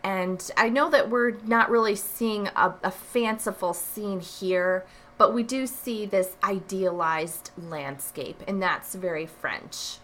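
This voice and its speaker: A woman's voice: mid-range voice, takes it slowly, few pauses, fairly bright tone, slight background noise. A woman art teacher recording a review lesson, explaining each answer and driving points home with short repeated phrases.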